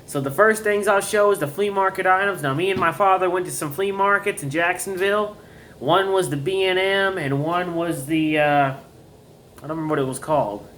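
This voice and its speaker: Young man, slightly high voice, loose and folksy show-and-tell delivery with frequent restarts; light hiss on the track. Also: brisk, a bit bright. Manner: rambling, self-correcting, folksy. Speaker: YouTuber showing collectibles. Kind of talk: casual show-and-tell vlog.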